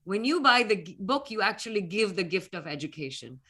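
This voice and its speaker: With big pitch swings in a mid-range voice, this woman talks fairly quickly in a sharp tone. She is a middle-aged alumna scientist from North India with an Indian English accent, a guest speaker whose earnest, reflective interview answers grow emotional.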